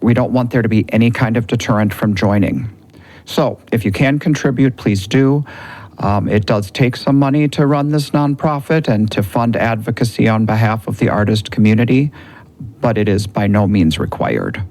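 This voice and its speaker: A man's voice: lowish voice, moderate pace, a little mellow. A man co-hosting a podcast, speaking earnestly as he promotes and asks questions. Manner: earnest, promotional when reading segments. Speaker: podcast co-host. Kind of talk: casual podcast talk and announcements.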